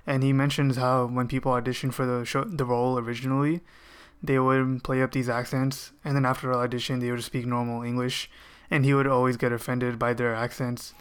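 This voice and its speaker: A man in casual podcast talk, explaining points in a measured way. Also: medium pitch, level tone, smooth. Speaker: podcast co-host. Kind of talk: casual chat.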